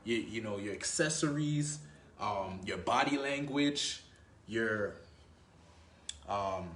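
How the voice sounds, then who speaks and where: A man's voice: lowish voice, lively intonation, slow pace, a bit bright, slight background noise. Profane casual man coaching in echoey room. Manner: loose, profane, peppered with "you know" and "right?". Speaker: dating coach. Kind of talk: casual talking-head coaching.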